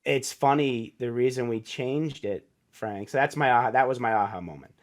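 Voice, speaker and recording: A man's voice: medium pitch, moderate pace. A middle-aged man, a podcast guest and author, telling a personal story in a casual, earnest and emotional way, acting out the voices of people he quotes.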